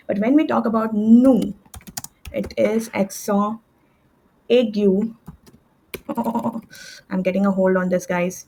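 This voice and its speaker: A woman tutoring French, explaining verb endings step by step with fillers and quick self-corrections, at a desk with a computer mic. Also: mid-range voice, dark tone, rough recording. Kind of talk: screen-share language lesson.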